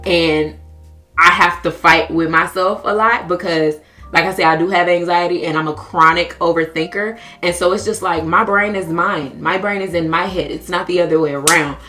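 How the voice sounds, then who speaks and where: A woman's voice: fairly low pitch, steady tone, moderate pace, pushed and bright, faint music behind. A woman in her twenties with an American accent, talking candidly and earnestly to camera about her personal affirmations. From United States. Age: 20s. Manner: earnest, confessional, emotionally open. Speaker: vlogger. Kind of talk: candid self-help talk to camera.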